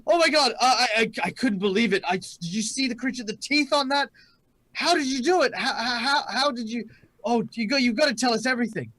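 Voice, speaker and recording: A man voicing an excitable trio of young fans who gush over the heroes. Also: very high voice, a little fast, no echo, voice pushed up, exaggerated voice. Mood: excited. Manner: gushing, breathless.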